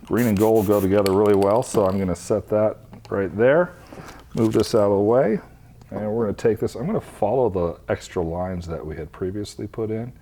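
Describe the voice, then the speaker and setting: Deep-voiced man demonstrating a craft. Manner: relaxed, step-by-step explaining. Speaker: epoxy craft instructor.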